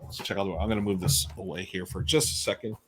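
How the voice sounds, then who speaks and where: A man with a fairly low voice hosts a casual live stream from a home desk. He talks enthusiastically and loosely, greeting viewers and thinking aloud with fillers. He munches snacks between sentences. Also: fairly even intonation, fast talker, slight background noise. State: munching snacks while talking. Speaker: host unboxing board games on a live stream. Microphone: desk microphone on a live stream.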